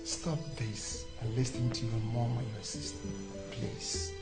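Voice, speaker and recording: An actor playing a measured uncle who speaks firmly of tradition. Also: male voice, mid-range voice, flat delivery, close to an everyday voice. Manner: measured, soothing, firm. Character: older uncle, calm keeper of tradition. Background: background music.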